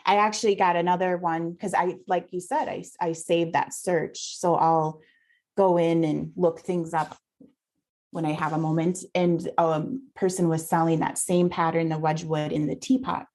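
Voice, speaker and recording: Chatty low-voiced woman podcast guest. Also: little pitch movement, moderate pace, darkish tone. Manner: chatty, telling her own finds at length. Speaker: guest reseller. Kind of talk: casual interview chat.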